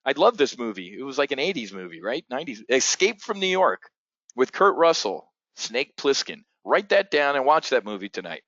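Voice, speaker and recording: A man's voice: medium pitch, sing-song, moderate pace, fairly bright tone, no echo, highs cut off. Blunt, rambling male trading host. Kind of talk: casual live market briefing.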